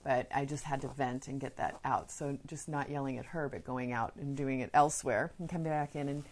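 Low-voiced woman giving earnest parenting advice. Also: fairly even intonation, fairly quick, a little mellow. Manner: earnest, conversational, shares personal anecdotes. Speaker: parenting podcast host. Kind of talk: casual advice talk.

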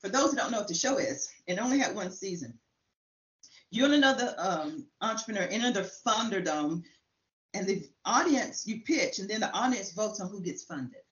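A woman guest in a casual chat, talking fast and animatedly as she tells a story. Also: mid-range voice, expressive. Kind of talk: casual chat, telling an anecdote. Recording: roomy, slightly dull sound.

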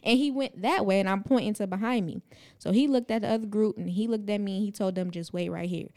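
Woman w aave telling a wild story, acts out all the voices, super animated. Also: mid-range voice, quick pace. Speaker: podcast co-host. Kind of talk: casual chat.

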